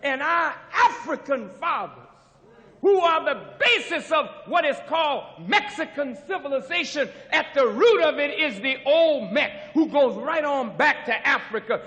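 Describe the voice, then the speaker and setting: A minister preaches an impassioned lecture to students in a very high, bright voice with lively intonation, taking his time, drawing out emphasis on each phrase and surging into shouts. The archival recording carries the long reverb of a university auditorium.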